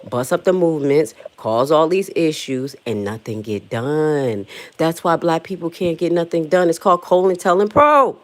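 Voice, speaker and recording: Low-voiced woman ranting on a livestream. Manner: animated, jumps to high excited pitch when emphatic; blunt, profane street talk. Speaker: livestream host. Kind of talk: casual livestream rant.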